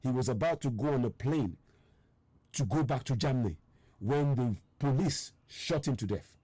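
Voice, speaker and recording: A Nigerian man's medium-pitched voice, mellow and husky with lively intonation, comes through at normal speed and without room sound as he hosts a live online broadcast. Tired and strained, he still urges viewers insistently, repeating his points over and over. He reads out viewer names and answers their comments in an impassioned stream.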